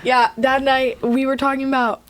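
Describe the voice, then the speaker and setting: Young female podcast co-host, slightly high voice, playful quick comebacks. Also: little pitch movement. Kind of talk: casual family chat.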